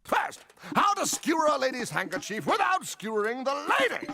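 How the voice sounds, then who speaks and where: Pompous cartoon knight, gravelly and swoopy, music behind. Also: male voice, extremely high pitch, very animated, moderate pace, full character voice. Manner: pompous, declaiming. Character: pompous medieval male knight.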